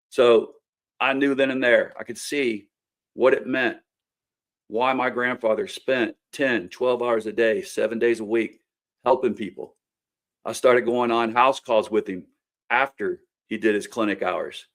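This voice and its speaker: A man's voice: mid-range voice, unhurried, a bit bright. A middle-aged man with a Kentucky accent, hosting a show and telling folksy stories in earnest, plain-spoken campaign talk. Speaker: host and candidate for local office. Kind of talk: casual campaign talk to camera.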